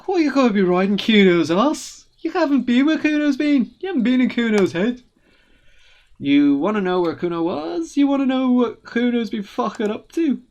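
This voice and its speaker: A high, brash boy's voice, put on by a woman reading a game aloud, swaggering and foul-mouthed, swinging up and down as he talks about himself in the third person. He sounds cocky and defiant. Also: sing-song, normal speed, a little mellow. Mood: aggressive.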